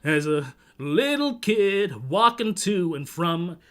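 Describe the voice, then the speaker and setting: A man's voice: high voice, very animated, takes it slowly, a bit bright. A man from Toronto hosting a livestream, rambling casually with lots of swearing and restarts. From Toronto, Canada. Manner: rambling, profane, self-interrupting. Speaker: livestream host. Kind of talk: casual chat.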